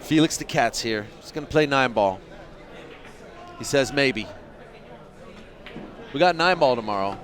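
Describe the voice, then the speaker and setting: A man's voice: medium pitch, animated, measured pace, pauses often, fairly bright tone. A man giving casual live play-by-play commentary on a pool match, chatting and joking with his viewers.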